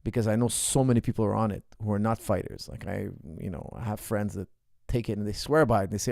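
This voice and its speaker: A man's voice: lowish voice, steady tone, fast, gravelly, hardly any pauses, a little mellow, dry recording, clean studio sound. A man in his forties, a coach, talking casually to a live stream audience and repeating his points for emphasis. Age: 40s. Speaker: coach answering viewer questions.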